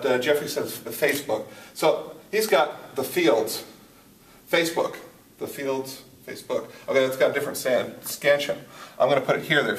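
A man gives a poetry lesson while writing on a board, and he stumbles, restarts and thinks aloud as he goes. His voice sits at an ordinary pitch. It is picked up from across an echoey room. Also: slight background noise. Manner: halting, thinks aloud with many restarts and fillers. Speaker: poetry teacher. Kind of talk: whiteboard lesson. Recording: roomy, from a distance.

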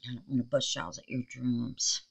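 A woman's voice: very deep voice, fairly even intonation, moderate pace, vocal fry, a bit bright, breathy edge, rough recording. A woman hosting a crafting vlog in her home art room, chatting with viewers and calling them baby and darling. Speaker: resin art channel host. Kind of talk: casual crafting vlog chat.

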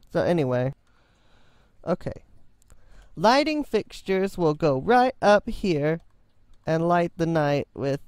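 A man's voice: fairly high pitch, very animated, slow pace, pauses often, darkish tone, dry recording. A man giving rambling, self-mocking, jokey commentary while building in a game. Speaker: game video host. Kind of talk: casual gameplay commentary.

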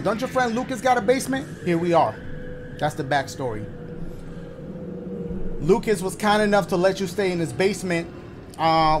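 A man's voice: high voice, background noise. A man hosting a let's-play of a horror game, cracking jokes and swearing as he reacts, yelping when something startles him. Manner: joking, profane running reactions, yelps when startled. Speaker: gaming channel host. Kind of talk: casual let's-play commentary.

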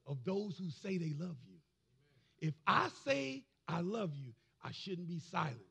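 Male pastor, raspy bright voice, preaches with shouted build-ups and call-and-response. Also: sits high. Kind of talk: sermon.

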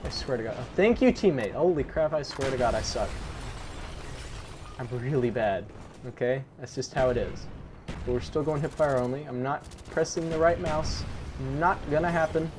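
A man's voice: medium pitch, expressive, moderate pace, noisy background. Rambling young man commenting on gameplay. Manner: self-mocking, rambling, muttering asides. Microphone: desk microphone. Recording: gunfire from the game audible. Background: game gunfire.

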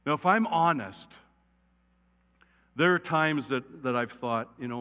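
A man's voice: medium pitch, measured pace, long pauses. Chatty pastor guy preaching, keeps going "right?", big echoey church. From United States. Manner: animated, repeatedly asks "right?". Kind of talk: conversational sermon. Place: church sanctuary. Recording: long church reverb.

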